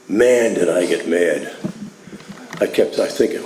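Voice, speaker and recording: An older man from New York tells a wry, chatty story to a meeting, his voice dark and mellow. The hall is echoey, with faint noise behind him. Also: low voice, unhurried, long pauses. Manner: humorous, conversational, many "you know" and "right?". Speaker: AA speaker.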